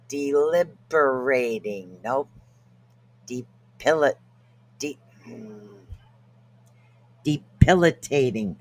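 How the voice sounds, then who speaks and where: A podcast co-host talks casually about self-help with a bright, forward tone. They joke around and laugh at themselves when tricky words trip them up. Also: medium pitch. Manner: jokey, laughs at own stumbles over words.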